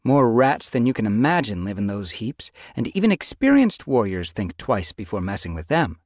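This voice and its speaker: A brisk, matter-of-fact female mentor cat voiced by a man reading an audiobook. He lifts the voice somewhat above his own and gives it firm, instructive orders. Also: fairly low pitch, big pitch swings, no echo, studio quality, voice pushed up.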